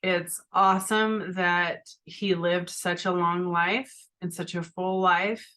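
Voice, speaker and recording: A woman's voice: fairly low pitch, steady tone, slow pace, bright, forceful tone. A middle-aged woman hosting a podcast, talking earnestly and from the heart, often restarting and asking "right?". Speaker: podcast host. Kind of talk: personal spiritual talk.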